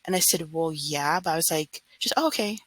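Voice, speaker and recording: A woman's voice: deep voice, fairly even intonation, fairly quick, a bit bright, dry recording, rough recording. A woman in her thirties, a substitute teacher, venting casually and acting out what she told her class. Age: 30s. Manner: exasperated, retells scenes with quoted dialogue.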